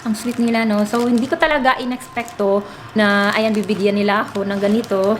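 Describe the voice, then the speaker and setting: A woman's voice: mid-range voice, steady tone, fast talker, a little hiss or hum, low-quality recording. A young Filipino woman with a Filipino accent, chatting casually to her viewers in a home vlog, emotional and teary, and pregnant. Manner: chatty, addresses viewers as "mga inday". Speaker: vlogger. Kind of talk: casual vlog chat in Taglish. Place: home indoors in the Netherlands.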